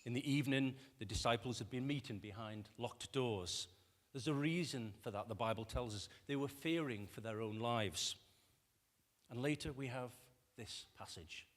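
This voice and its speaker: Male preacher, mid-pitched, chatty with the congregation, ringing hall echo. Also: moderate pace. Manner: conversational, poses rhetorical questions to the congregation; acts out quoted voices with lively shifts. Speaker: pastor. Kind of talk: sermon. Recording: long reverb of a church hall.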